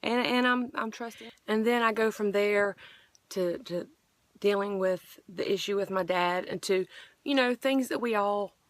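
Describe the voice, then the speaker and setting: A woman's voice: mid-range voice, unhurried, no echo. A middle-aged woman earnestly sharing a personal faith testimony, rambling with frequent restarts.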